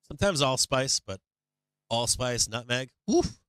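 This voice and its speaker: Male stream host, low-pitched, forceful and clear, talks loose and swears a lot, dry close sound. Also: moderate pace, pauses often, no echo. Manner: rambling and profane, answers chat. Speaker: livestream host. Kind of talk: casual livestream chat.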